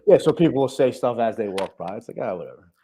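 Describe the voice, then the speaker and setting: A man's voice: mid-range voice, expressive, quick pace, mellow, a little hiss or hum. A man with a New York accent, co-hosting a casual podcast chat, swearing freely and leaning on "you know". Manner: laid-back, swearing, lots of "you know". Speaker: podcast co-host.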